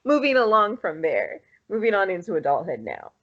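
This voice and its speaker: In casual podcast conversation, a woman in her thirties co-hosts and recounts a personal story with animation, laughing a lot and performing other people's quotes. She speaks fairly quickly in a medium pitch, and the audio is dull.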